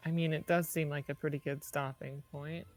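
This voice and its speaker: A woman's voice: sits low, level tone, normal speed, a little mellow, faint music behind. A woman co-streamer chatting casually, easygoing and reassuring. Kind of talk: casual chat.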